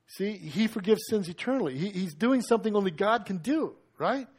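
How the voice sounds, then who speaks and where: Male preacher, high voice, animated storyteller acting out quotes, casual sermon delivery. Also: brisk, hardly any pauses, breathy edge.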